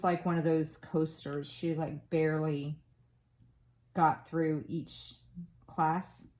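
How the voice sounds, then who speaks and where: This crafting vlogger, a woman in her forties, has a fairly low, slightly mellow voice. She rambles casually through her stories, peppered with plenty of ums and uhs.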